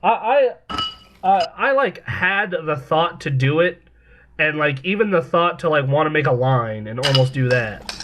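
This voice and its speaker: Halting man from the American West Coast. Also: fairly high pitch, expressive, background noise. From West Coast United States. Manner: halting, many restarts and fillers. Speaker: podcast co-host. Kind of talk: casual chat.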